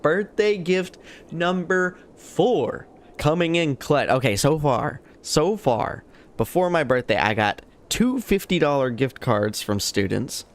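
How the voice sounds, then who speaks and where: Speaking slowly, a young adult man chats and jokes casually while streaming a game live. He alternates between bursts of excitement and low muttered asides.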